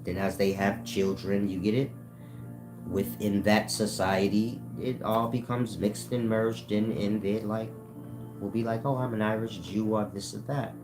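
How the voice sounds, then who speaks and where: Man, lowish voice, casual profane explainer with faint music under it. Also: steady tone, measured pace. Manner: profane, keeps asking "you get my point?"; addresses listeners as "y'all". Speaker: channel host.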